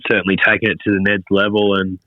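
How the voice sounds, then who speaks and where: Brief: sick man, remote podcast co-host, easygoing with hesitant ums, lowish voice, dry muffled call audio. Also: little pitch movement, fast, no echo. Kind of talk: casual racing podcast chat.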